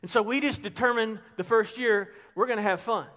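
Brief: middle-aged man, pastor, high-pitched, animated storyteller who drops quiet for emphasis. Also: brisk. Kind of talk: sermon with storytelling. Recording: long hall reverb.

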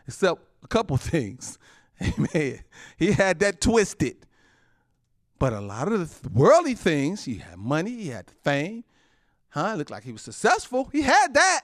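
Fiery male preacher, high and highly animated delivery, dry close sound. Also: unhurried, no echo. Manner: animated preaching, swings from loud high exclamations to low murmurs, frequent laughs. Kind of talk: sermon.

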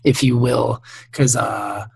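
A man's voice: mid-range voice, steady tone, takes it slowly, vocal fry, slightly rough. A man co-hosting a podcast in casual, joking chat, sometimes slipping into a put-on drawl. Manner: joking, slips into a drawling redneck voice. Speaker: podcast co-host.

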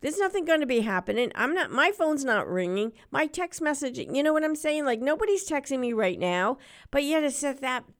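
A middle-aged woman hosting a local radio show, telling stories and ranting in a chatty, animated way. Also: high-pitched, brisk. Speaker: radio host.

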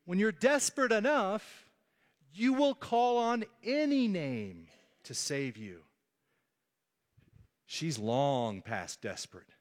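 Animated preacher in a reverberant hall. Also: male voice, high voice, slow pace, pauses often. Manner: animated storytelling, acts out quoted voices. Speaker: pastor. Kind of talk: sermon.

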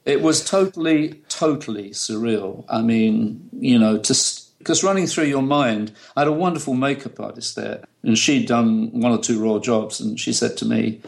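Gravelly British photographer telling stories. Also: male voice, mid-range voice, normal speed, few pauses. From United Kingdom. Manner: chatty, laughs often while telling stories. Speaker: photographer, interview guest. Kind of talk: relaxed anecdotal storytelling.

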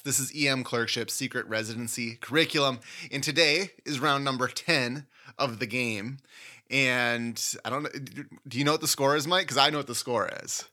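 A podcast host with a medium-pitched, pushed and bright voice playfully narrates a mock oral boards case, a pretend medical exam. He teases and laughs easily as he goes.

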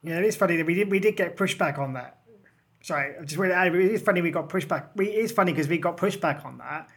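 A man, co-author of a book, talking in a casual discussion, animated and acting out the voices of critics. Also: a little high, quick pace. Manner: animated, acts out quoted critics. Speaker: co-author guest.

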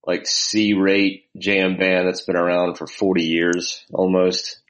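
A man co-hosting a podcast, making dry, deadpan jokes in casual chat. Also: low voice, slow pace. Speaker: podcast co-host.

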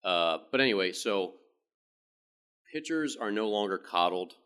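A man, a baseball pitching coach, giving a casual, rambling explanation with frequent restarts. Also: lively intonation, a little slow, bright, forceful tone, clear, resonant tone.

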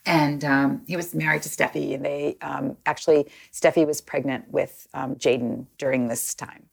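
Interview guest: woman with a deep, fry-tinged voice, relaxed and chatty, full of fillers. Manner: chatty, many ums, quotes others in lively asides. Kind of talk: casual storytelling.

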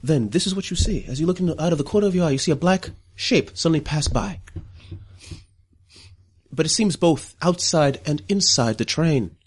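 A man's voice: fairly high pitch, animated, moderate pace, breathy edge. A man running a tabletop game as game master, narrating in a put-on English accent that he keeps losing, laughing often.

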